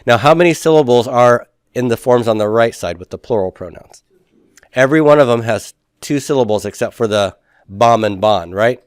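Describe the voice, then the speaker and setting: A man's voice: medium pitch, lively intonation, moderate pace, clear, resonant tone, dry recording, studio quality. A man teaching a Hebrew grammar class, patiently asking students questions and confirming their answers.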